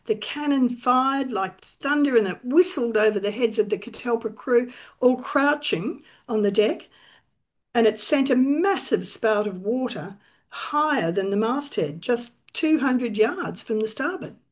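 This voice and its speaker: Woman storytelling a sea chase, fairly high voice, quotes people as she goes. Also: animated, unhurried. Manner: recounts events, briefly voicing quoted figures. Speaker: storyteller guest. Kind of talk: history storytelling with quoted dialogue.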